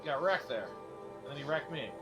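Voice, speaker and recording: A man's voice: a little high, expressive, a little fast, over music. A young man hosting a gameplay stream, chatting casually and rambling through jokes with lots of fillers. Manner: rambling joke-telling with many fillers. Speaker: gaming streamer host. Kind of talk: casual chat while playing.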